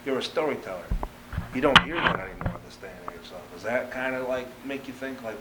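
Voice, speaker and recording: A man interviewing a rapper in casual chat, asking loose questions and nodding along with quick affirmations. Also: medium pitch, lively intonation, very noisy.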